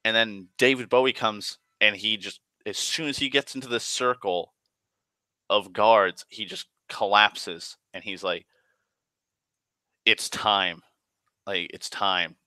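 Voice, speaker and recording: Rambling, swearing man with a bright voice. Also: fairly low pitch, a little slow, dry recording. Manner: rambling, profane, heavy on "like" fillers and restarts. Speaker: tabletop game player recounting a session. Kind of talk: casual spoken storytelling.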